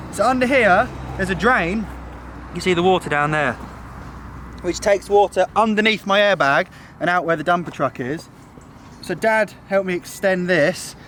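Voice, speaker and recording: A young man vlogs outdoors at a building site, giving a casual walkthrough in a chatty, enthusiastic way while out of breath. His voice sits fairly high and a bit bright, with a little hiss or hum on the recording.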